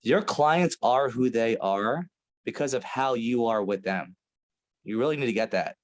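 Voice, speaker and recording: A man coaching a sales team in blunt, profane, animated talk, acting out short scenes. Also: medium pitch, a little slow.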